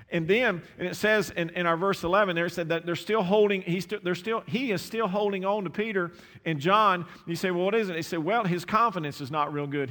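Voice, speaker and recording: A man preaching a sermon, impassioned, repeating words and swinging from quiet asides to raised exclamations. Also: high-pitched. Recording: long hall reverb.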